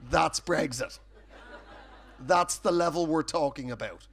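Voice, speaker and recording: A man's voice: on the high side, a little slow, creaky, a bit bright. An Irish man doing a live stand-up set on a festival stage, telling sweary, punchy stories full of tag questions. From Ireland. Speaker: stand-up comedian.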